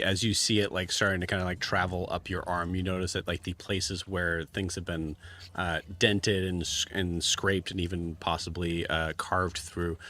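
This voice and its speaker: A man's voice: deep voice, sharp tone. A man as game master, narrating a tabletop game in a rambling way full of fillers.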